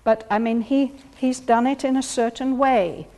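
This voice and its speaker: A woman leading a study group, speaking slowly and thoughtfully as she explains ideas to the others. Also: a little high, steady tone, big-room sound. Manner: slow, thoughtful, gently explaining. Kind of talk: reflective group discussion.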